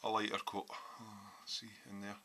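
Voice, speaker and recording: In a home workshop, a hobby scale modeller casually walks through his model build, pausing often with ums as he explains each step. His very low voice carries a sharp, bright edge, and his delivery is completely flat.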